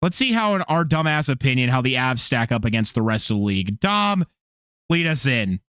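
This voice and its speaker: A man co-hosting a casual hockey podcast, goofy and animated, swearing and restarting sentences. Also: mid-range voice, brisk, clean tone, no room sound, studio quality. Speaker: podcast co-host.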